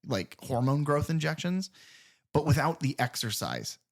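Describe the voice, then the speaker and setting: Animated, swearing podcast co-host man. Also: fairly high pitch, moderate pace, gravelly. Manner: animated, profane, laughs often. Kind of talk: casual film discussion.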